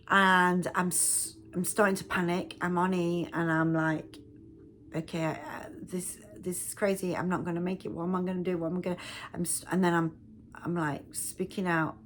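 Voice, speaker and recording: A woman's voice: fairly low pitch, a little hiss or hum. A woman, a self-help speaker, telling a personal story in a casual, rambling way with frequent restarts.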